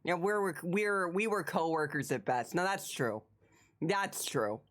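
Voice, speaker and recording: A woman in her thirties chats casually with viewers on a live stream, swinging from squealing excitement to low, muttered asides. She keeps a measured pace.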